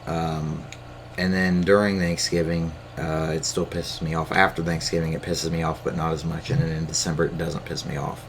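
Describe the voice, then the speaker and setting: A man's voice: very deep voice, flat delivery, normal speed, a little hiss or hum. A man in young adulthood hosting his own podcast, ranting in a rambling, profane way with lots of fillers and restarts. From United States. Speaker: podcast host. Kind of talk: casual solo rant.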